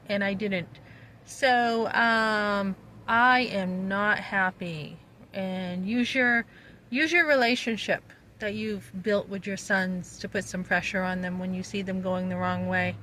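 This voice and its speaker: A woman's voice: mid-range voice, fairly bright tone, a little hiss or hum, poor audio. Exasperated middle-aged woman vlogging on a street. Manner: exasperated, blunt and emphatic. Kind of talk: casual spoken vlog. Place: outdoors on a street.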